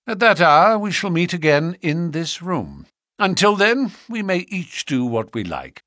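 A man reading an audiobook, voicing a confident, theatrical gentleman detective who speaks in a measured, persuasive and gently lofty way. He stays close to his own reading voice. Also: high-pitched, sing-song, no echo, voice pushed up, heavily acted.

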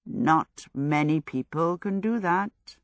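A woman's voice: sits low, unhurried, fairly bright tone, no room sound, clean studio sound. A woman voicing a flamboyant young male wizard who talks in an offhand drawl.

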